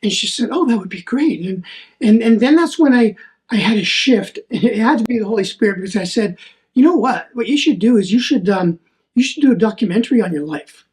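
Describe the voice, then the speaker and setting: A man's voice: high-pitched, animated, fairly quick, darkish tone. A man hosting a solo faith podcast, telling a personal story in an earnest, rambling way and often repeating his words. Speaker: podcast host.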